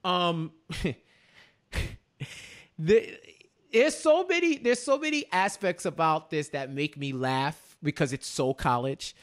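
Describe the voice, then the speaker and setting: A man's voice: on the high side, takes it slowly, long pauses. A young adult man co-hosting a podcast, chatting casually and acting out scenes with many restarts. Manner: animated, restarts often, acts out scenes. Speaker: podcast co-host. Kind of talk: casual chat.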